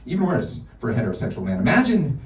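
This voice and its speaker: A male stand-up comedian doing a profane, animated routine in a bar. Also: mid-range voice, fast, slight background noise. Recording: echoey bar, from far off.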